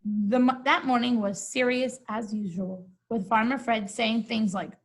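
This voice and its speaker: A woman reads a children's story aloud and keeps stopping for casual, amused remarks to her listeners. Her voice is slightly high and husky, and she takes her time with every phrase. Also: fairly even intonation, measured pace, rough recording. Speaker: storybook reader. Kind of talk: reading a picture book aloud with chatty asides.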